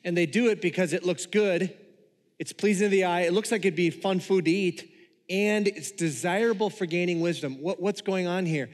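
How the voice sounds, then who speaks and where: A pastor delivering a sermon in a conversational manner, joking with the congregation. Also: male voice, sits high, moderate pace, long reverb tail.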